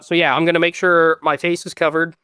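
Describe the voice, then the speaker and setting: A man's voice: a little high, little pitch movement, a little fast, sharp tone, clear, resonant tone, no echo, clean studio sound. A man playing a tabletop game who describes his moves in an eager, rambling way. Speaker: player. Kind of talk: casual tabletop play.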